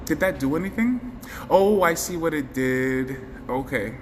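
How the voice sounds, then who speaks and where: A man's voice: on the high side, animated, a little slow. A man hosting a casual live stream, chatting effusively and thanking viewers by name. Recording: faint background noise, long hall reverb.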